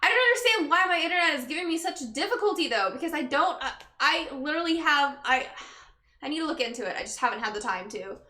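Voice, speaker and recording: Bright, tired woman streamer chatting. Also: high-pitched, expressive, fast. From Texas. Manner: chatty, greets viewers by name, tired. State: exhausted. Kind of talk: casual chat with viewers. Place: her bedroom. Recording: echoey room with background music.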